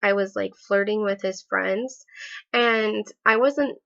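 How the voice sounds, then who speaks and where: A woman's voice: medium pitch, slow pace, vocal fry, a bit bright. A woman recounting a personal story in a casual vlog, hesitant, with many fillers and restarts. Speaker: vlogger. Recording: slightly dull lo-fi audio.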